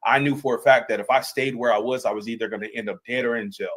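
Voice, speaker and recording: A man tells his own story on a live panel, earnest and emphatic. His voice sits at an ordinary middle pitch. He often restarts phrases as he builds to the point. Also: steady tone, fast talker, fairly bright tone, poor audio. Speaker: panel guest, veteran.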